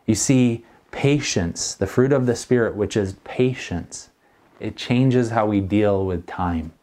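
Middle-aged male pastor, low-pitched, earnest and conversational, preaching a sermon. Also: slow pace, a little mellow.

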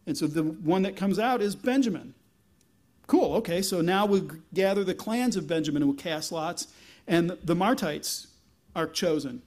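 High-voiced man preaching a casual sermon. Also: moderate pace. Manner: conversational, wry, animated when reading scripture. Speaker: pastor.

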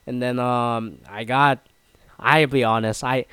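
A man's voice: steady tone, measured pace, clean tone, no echo. Rambling, cursing man telling a story. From Canada. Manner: rambling, swears often, many restarts and fillers; mimics others in higher, louder voices. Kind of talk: casual storytelling monologue.

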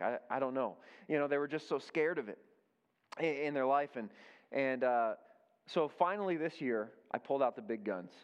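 A man in his thirties preaching a sermon, telling a family story in a conversational way and repeating key phrases for emphasis. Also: fairly high pitch. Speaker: pastor. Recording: dull sound with long hall reverb.

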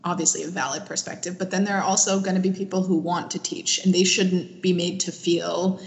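A woman's voice: lowish voice, flat delivery, a little fast, gravelly. A woman in a casual discussion, thinking aloud in long run-on sentences full of "like". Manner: thoughtful, talks in long run-on sentences with many "like"s. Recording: long hall reverb.

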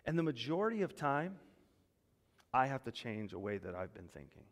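Male pastor, mid pitch, emphatic preaching in a church hall with long reverb. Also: moderate pace. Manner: animated preaching, rising loud when voicing God's words. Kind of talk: sermon.

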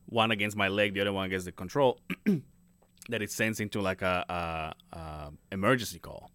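A male podcast host rambles through a story in casual chat, swearing and laughing as he goes. His voice sits at a middle pitch and sounds dry and close to the mic. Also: moderate pace, fairly bright tone, clear, resonant tone, no echo.

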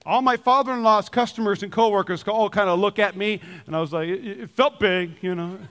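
A pastor from Minnesota preaching a sermon with humorous stories, repeating key lines for emphasis. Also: male voice, high voice, brisk, a bit bright, clear, resonant tone, in a large hall. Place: church.

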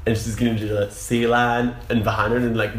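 A man's voice: medium pitch, flat delivery, a little fast, a bit bright, a little hiss or hum. A man co-hosting a podcast in casual chat, gushing and enthusiastic, with lots of "like" fillers. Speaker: podcast co-host. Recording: roomy echo.

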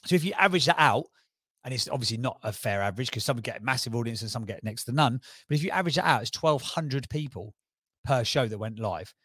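A man with a Cockney accent, talking as a guest on a podcast interview, enthusiastic and persuasive with quick restarts. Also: medium pitch, lively intonation, a bit bright, slightly rough, no echo, studio quality. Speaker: podcast guest, brand strategist.

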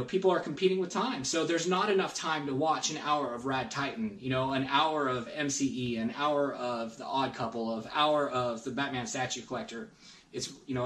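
A man's voice: medium pitch, a bit bright. Rambling man on a roomy distant mic. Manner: rambling, earnest, many restarts. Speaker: guest collector. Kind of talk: casual podcast chat.

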